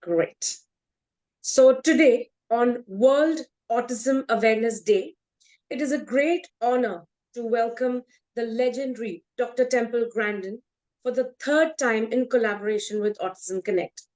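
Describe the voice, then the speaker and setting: A woman's voice: on the high side, unhurried, a little mellow, rough recording. A woman hosting a session, reading a formal introduction in a ceremonious tone, with small hesitations. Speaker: host.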